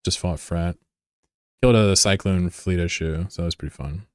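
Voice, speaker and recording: A man's voice: low voice, normal speed, no echo, clean studio sound. A man leading an online game fleet on a live stream, talking casually in a rambling, joking way with plenty of swearing into his desk mic. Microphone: desk microphone.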